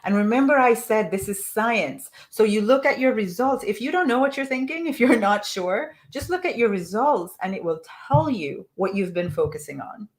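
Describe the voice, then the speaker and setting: A woman's voice: a little high, lively intonation, moderate pace, hardly any pauses. Earnest woman coaching on a live call. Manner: earnest, reads messages aloud and asks listeners to reflect. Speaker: money mindset coach.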